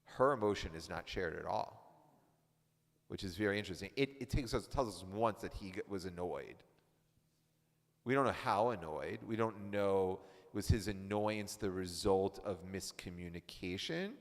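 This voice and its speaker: A man's voice: low-pitched, normal speed. A man leading an interactive text study in a playful, chatty way. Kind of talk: interactive teaching. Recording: reverberant hall.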